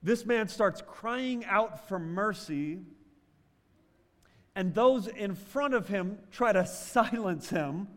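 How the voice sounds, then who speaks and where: A male pastor delivering a sermon, moving between loud emphatic bursts and quiet, drawn-out phrases. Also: sits high, expressive. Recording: long hall reverb.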